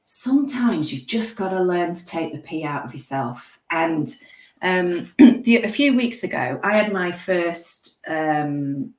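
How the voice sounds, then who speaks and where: Lively woman, low voice, echoey. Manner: lively, self-mocking storyteller. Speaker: guest speaker. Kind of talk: casual conversational chat.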